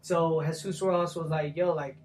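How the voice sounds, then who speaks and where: A man's voice: a little high, steady tone, normal speed, a little mellow, soft background music. A young man, a professional boxer, telling stories in a casual sit-down interview, talking loosely with lots of slang and swearing. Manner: loose slangy talk, full of "like" and "bro", swears freely.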